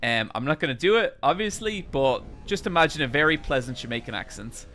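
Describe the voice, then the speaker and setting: A man streaming a game while telling a casual, animated story and swearing freely. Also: a little high, a little fast.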